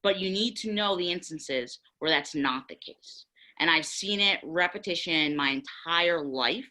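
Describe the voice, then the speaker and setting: A young woman on a panel discussion, candidly telling stories with lively acted-out quotes. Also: deep voice, low-quality recording.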